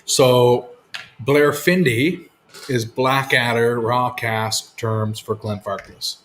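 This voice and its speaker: A man's voice: medium pitch, flat delivery, slow, a bit bright. Guy rambling about whisky, easygoing, cusses a lot, faint hum behind him. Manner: chatty, swearing, laid-back storyteller. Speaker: whisky show host. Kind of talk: casual live-stream chat.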